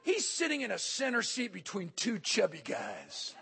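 A man's voice: high-pitched, wildly swooping pitch, moderate pace, creaky, sharp tone, a little hiss or hum. A man giving a humorous motivational speech at a hotel conference, telling stories and acting out the voices in them. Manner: comic storytelling, acting out quoted voices. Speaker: motivational speaker.

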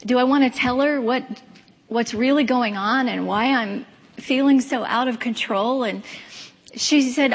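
A woman in her fifties delivers a personal testimony speech, candid and earnest, with now and then a wry aside. Her voice sits a little high. The sound carries a long reverb from a large hall. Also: a little slow, breathy edge. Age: 50s. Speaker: speaker giving a personal testimony.

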